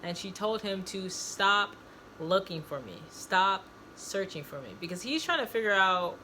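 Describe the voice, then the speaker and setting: A woman's voice: medium pitch, lively intonation, a little slow, pushed and bright, a little hiss or hum. A woman host casually recapping a story, rambling and repeating herself as she explains.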